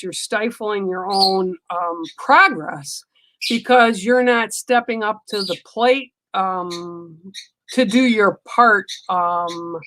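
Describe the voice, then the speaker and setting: Slow-talking woman giving a psychic reading. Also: mid-range voice, pushed and bright, no echo, poor audio. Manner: slow, unhurried, with frequent ums and restarts. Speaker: psychic reader on a livestream. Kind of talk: casual live card reading.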